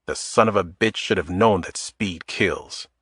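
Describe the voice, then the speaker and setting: Low-voiced male thriller narrator. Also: fairly bright tone, husky, no echo. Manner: measured, dramatic storytelling. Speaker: audiobook narrator. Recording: dry close studio sound.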